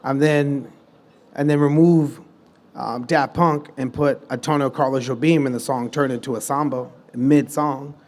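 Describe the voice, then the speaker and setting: A man guest on a live podcast stage, telling stories in a loose, animated way and acting out the people he quotes. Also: mid-range voice, measured pace. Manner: animated storytelling, acts out quoted dialogue; loose, restarts mid-sentence. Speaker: guest musician and producer.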